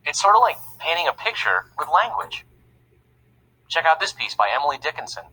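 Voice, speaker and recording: A man's voice: a little high, sing-song, brisk, bright, forceful tone, slight background noise, low-quality recording. A man voicing a friendly young male narrator of an educational cartoon, upbeat and chatty as he explains things plainly.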